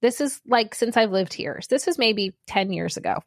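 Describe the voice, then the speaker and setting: A woman in her forties co-hosting a podcast, telling an animated story with frequent laughter in casual chat. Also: medium pitch, normal speed, no room sound, studio quality. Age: 40s. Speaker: podcast co-host.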